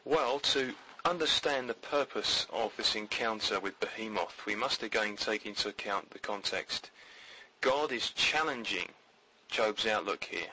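Bright-toned man giving Bible commentary. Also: lowish voice, unhurried, slightly rough, low-quality recording. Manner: steady, earnest explanation. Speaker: podcast guest.

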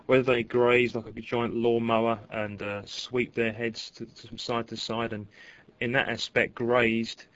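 A man who is a podcast guest, talking in a halting way with frequent restarts. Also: mid-range voice, level tone, fairly bright tone, muffled recording. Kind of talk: casual podcast chat.

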